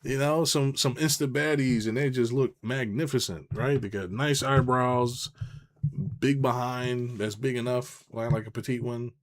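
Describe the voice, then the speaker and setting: A man's voice: mid-range voice, fairly even intonation, unhurried. A man chatting loosely on a live stream, rambling with lots of swearing and restarts, and reading viewer comments aloud. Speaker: business coach hosting a live stream.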